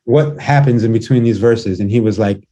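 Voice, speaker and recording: A man's voice: on the low side, warm tone, poor audio. A man being interviewed as a guest musician, telling stories in a laid-back way, swearing freely and often restarting his sentences. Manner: halting, with frequent restarts. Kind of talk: casual interview chat.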